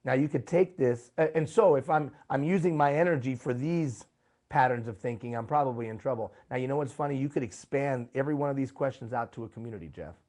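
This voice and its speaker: A man's voice: mid-range voice, fast, a little mellow. A man presenting a live workshop, talking emphatically and putting rhetorical questions to his audience. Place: live event room.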